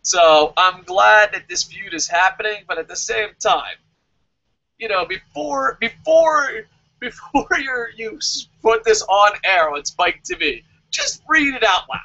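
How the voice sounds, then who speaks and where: A man casually reviewing a wrestling show, sarcastic and animated, swearing freely. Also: high-pitched, a little slow, vocal fry, highs cut off. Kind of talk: casual profane review rant.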